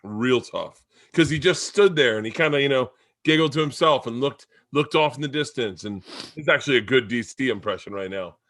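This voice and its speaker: Bright, dry-voiced comedian man. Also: mid-range voice, a little fast, dry recording. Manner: loose, profane recollection. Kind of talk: casual podcast chat.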